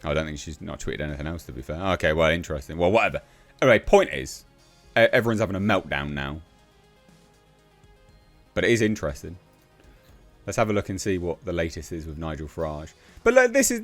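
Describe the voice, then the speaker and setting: Blunt, mocking low-voiced man. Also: fairly bright tone. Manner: blunt, exasperated and mocking, with sarcastic asides. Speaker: political commentary podcaster. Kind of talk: casual political rant.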